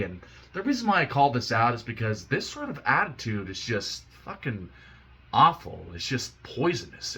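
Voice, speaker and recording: A man's voice: mid-range voice, a bit bright, breathy edge. A young man in a casual, profane, heated rant, rambling with restarts. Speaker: YouTuber ranting.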